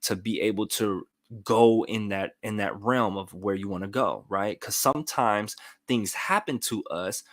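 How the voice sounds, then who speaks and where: Male motivational host, low register, dry close sound, earnest and explanatory. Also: unhurried, a bit bright, dry recording. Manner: earnest, explanatory, repeats "right?" often. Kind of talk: live-streamed motivational talk.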